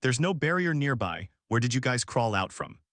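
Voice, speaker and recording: A man reading a young woman trainee who sounds alarmed and defiant. He does not change his own voice for her. The delivery is lively and dry. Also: mid-range voice, moderate pace, no echo.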